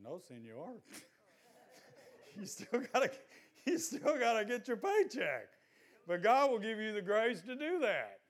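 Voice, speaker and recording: An older man preaching a sermon in a folksy, exhorting way, at times breaking into loud shouts. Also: high-pitched, wildly swooping pitch, a little slow, pauses often.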